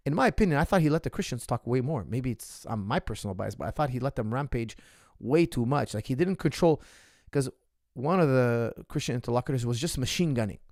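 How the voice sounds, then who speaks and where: A man, a coach, giving his opinions in a casual monologue, talking emphatically, repeating phrases for stress and swinging between loud and soft. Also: mid-range voice, animated, a little fast, no echo, clean studio sound. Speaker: martial arts coach hosting a Q&A.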